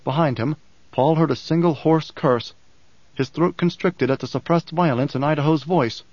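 Man, audiobook narrator, steady measured reading, slightly high voice, dull dry recording. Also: dry recording. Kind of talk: scripted narration.

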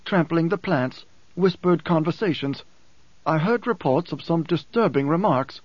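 A man's voice: fairly high pitch, expressive, normal speed, no echo, highs cut off, voice pushed up. A male audiobook reader voicing a fervent, fawning male courtier who speaks with wary devotion. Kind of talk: audiobook character voice.

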